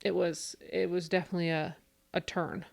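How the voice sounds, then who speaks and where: A woman's voice: lowish voice, moderate pace, gravelly. Chatty woman co-hosting a book podcast. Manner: chatty, animated storytelling, acts out her kids' voices. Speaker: podcast co-host. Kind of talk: casual chat.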